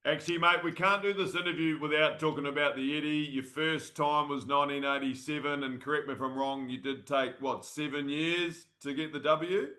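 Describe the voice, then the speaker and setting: A man's voice: fairly high pitch, steady tone, brisk, few pauses, pushed and bright. A man hosting a casual chat show, asking questions with jokey, teasing banter. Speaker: podcast host.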